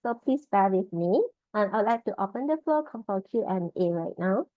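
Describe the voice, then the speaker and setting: A woman's voice: medium pitch, animated, normal speed, no echo. A woman leads an online Mandarin lesson, saying each syllable several times to drill its tone. The call audio is dry and close, with a slightly dull, muffled top end. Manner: drills tones by repeating syllables. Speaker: Mandarin trainer. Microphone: video call.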